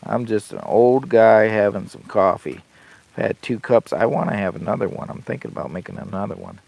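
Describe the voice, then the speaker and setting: Gravelly older man chatting folksy. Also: lowish voice, fairly quick, darkish tone. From Michigan. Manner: rambling, folksy, talks to chat and his dog. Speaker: camping channel host. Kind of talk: casual livestream chat. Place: inside a heated tent.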